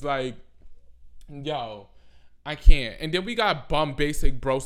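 A man, ranting casually to camera in a profane, animated way. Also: fairly high pitch, measured pace. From the Bronx, New York. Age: 20s. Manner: animated, profane, loud outbursts and laughter. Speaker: vlogger.

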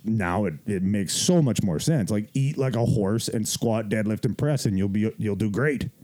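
A man's voice: on the low side, normal speed. A man casually telling a gym story on a podcast, swearing freely, laughing and acting out what people said. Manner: profane, laughing, animated retelling with quoted voices.

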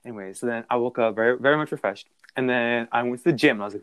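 A young man telling a story in a casual, animated and profane way, with a background. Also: mid-range voice, very fast, clean tone, dry recording, clean studio sound.

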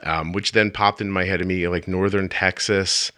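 A man's voice: low voice, steady tone, brisk, pushed and bright, dry recording, clean studio sound. A middle-aged man hosting a podcast, telling rambling jokey stories in casual chat. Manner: joking, rambling storyteller. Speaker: podcast host.

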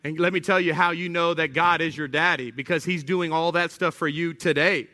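Animated, bright-voiced male preacher. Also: a little high, fairly quick. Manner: animated preaching, rising to shouts, with acted asides. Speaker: pastor. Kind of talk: sermon. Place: church sanctuary.

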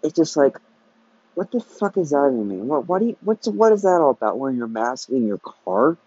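Male podcast host, profane repetitive rant, medium pitch, muffled lo-fi sound. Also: very animated, a little fast, dark tone. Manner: ranting, profane and repetitive, restarting sentences. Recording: dull lo-fi recording.

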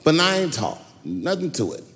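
A man doing stand-up comedy, acting out his stories with a wide, lively pitch. His voice sits a little high for a man. It rings through a long hall reverb with clear crowd noise behind. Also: moderate pace. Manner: animated storytelling with acted-out quotes.

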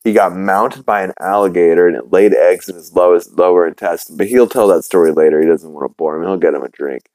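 Low, mellow-voiced man rambling through a recap. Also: quick pace, no room sound, rough recording. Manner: rambling, profane, full of fillers and restarts. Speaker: podcast host. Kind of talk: casual episode recap.

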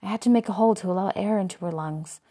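A woman voicing a calm, grim female servant in a hushed, low voice in a storybook reading. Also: fast, lightly acted. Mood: matter-of-fact.

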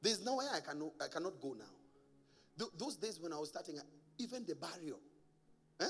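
A man preaching a sermon as a pastor, animated and often laughing at his own stories. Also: fairly high pitch, brisk, big-room sound, soft background music.

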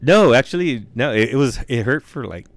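A man's voice: mid-range voice, lively intonation, fairly quick, no room sound. A young man telling a story in casual chat, laid-back and loose, swearing a lot and saying dude and bro.

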